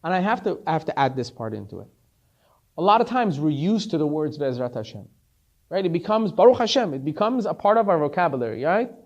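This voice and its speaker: A man, a rabbi, telling a story in a sermon, animated and repeating words as he stresses them. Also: on the high side, quick pace, highs cut off.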